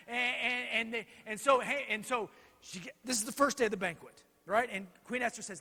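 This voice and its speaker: Bright-voiced, animated pastor. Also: male voice, extremely high pitch, normal speed. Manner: animated, joking, directs helpers on stage. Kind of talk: children's Bible lesson storytelling. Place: church hall. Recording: reverberant hall.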